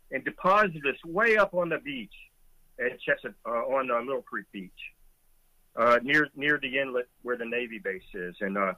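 In a fairly high, sharp-toned voice, a middle-aged man who was a Coast Guard boatswain's mate vividly narrates a rescue as a conversation guest, chuckling at points. The audio is poor, with no room sound.

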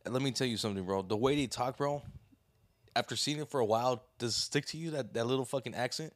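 A man in easy, profane podcast banter with his co-host. His mid-pitched voice sits on a dry, close mic with no room around it. He keeps tossing in quick acted-out voices. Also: no echo. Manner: loose, swearing, acts out voices with big jumps up.

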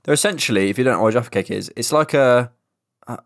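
A man's voice: medium pitch, fast, no echo, studio quality. A young man co-hosting a casual podcast, chatty and rambling, swearing casually. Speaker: podcast co-host. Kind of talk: casual chat.

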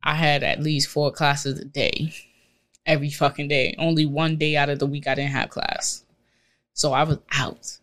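A woman's voice: low-pitched, level tone, moderate pace, a bit bright. A young woman casually telling a long, profane college dorm story with plenty of laughter. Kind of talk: casual podcast chat.

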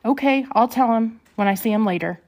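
A woman voicing a concerned young man on the phone who gently presses with questions, read in her own voice. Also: on the high side, fairly quick, voice pushed up.

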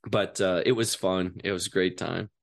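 Middle-aged male actor, casual animated storyteller, does voices mid-anecdote. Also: sits low, normal speed, vocal fry. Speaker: actor guest.

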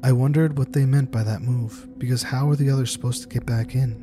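A man reading a scripted horror story aloud in a measured, tense storytelling manner. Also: mid-range voice, fairly even intonation. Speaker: narrator. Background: music.

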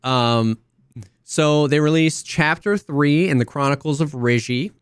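Man, casual podcast co-host, smooth voice, dry sound, relaxed and rambling. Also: a little high, measured pace, no room sound. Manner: relaxed, rambling, many restarts and fillers. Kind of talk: casual chat.

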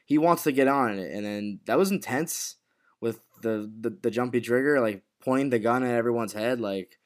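A man chatting casually as co-host, recapping a show. He rambles in a relaxed way, trailing off and restarting his sentences. His voice sits at an ordinary middle pitch. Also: moderate pace. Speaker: podcast co-host recapping a TV episode. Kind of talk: casual chat.

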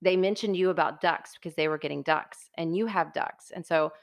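A woman's voice: fairly low pitch, a little fast. A woman, hosting a casual dinner-table chat in a chatty, rambling way that breaks into laughter. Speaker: podcast host.

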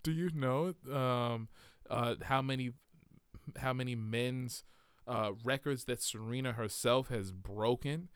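A man co-hosting a podcast in casual chat, animated and opinionated. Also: medium pitch, slow pace, clean tone, dry recording, clean studio sound. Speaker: podcast co-host.

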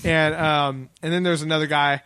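Male podcast host, bright and fairly high, dry close sound, loose and laughing. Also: fairly even intonation, moderate pace, clean tone, no room sound. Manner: laughs often, loose rambling storytelling. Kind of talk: casual podcast chat.

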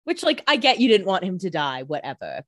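A woman's voice: on the low side, big pitch swings, fairly quick, a bit bright, no echo, clean studio sound. A woman co-hosting a casual recap chat, giving wry, exasperated commentary. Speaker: podcast co-host.

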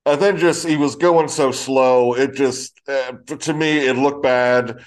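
A man's voice: medium pitch, fairly even intonation, measured pace. A man co-hosting a podcast, giving laid-back opinions on wrestling with joking swearing. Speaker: podcast co-host. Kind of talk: casual wrestling chat.

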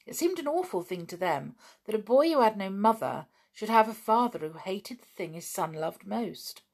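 Gravelly woman reading a children's book. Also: medium pitch, expressive, moderate pace, a little mellow. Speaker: podcast reader.

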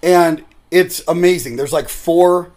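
A man hosting a casual podcast, telling stories in an animated way and swearing freely. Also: fairly high pitch, takes it slowly. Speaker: podcast host.

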